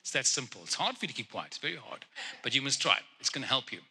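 A man delivers personal prophecies to the congregation in a direct way, breaking into teasing jokes and laughter. His voice is very bright and forward, with a husky, breathy edge. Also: mid-range voice, very animated, quick pace. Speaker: guest prophet. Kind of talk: prophetic ministry to individuals.

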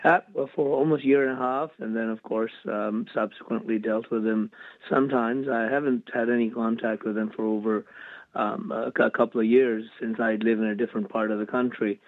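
Flat-voiced man on a phone line. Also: medium pitch, dry recording. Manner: measured, deliberate with pauses. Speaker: former cabinet minister guest. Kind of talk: phone-in interview. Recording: tinny dry phone line.

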